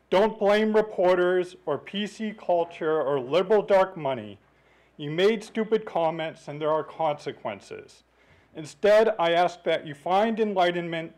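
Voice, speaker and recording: A man reading a prepared letter aloud at a city council meeting in a measured, earnest way, into a podium microphone. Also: high-pitched, a little mellow, rough recording. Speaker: resident speaking at public comment.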